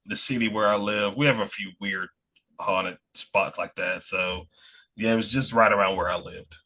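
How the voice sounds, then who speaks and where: A man's voice: on the low side, fairly even intonation, moderate pace, sharp tone. A man from Alabama with a Southern American accent, chatting casually as a podcast guest and rambling with many restarts. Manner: rambling, with frequent restarts and laughs. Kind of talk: casual chat.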